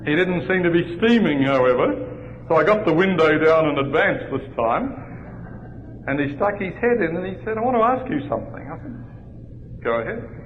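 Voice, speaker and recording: A male pastor telling a humorous personal story during a sermon, in a lively storytelling manner. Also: on the high side, normal speed, long pauses, a little hiss or hum. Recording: dull lo-fi recording in a large reverberant hall.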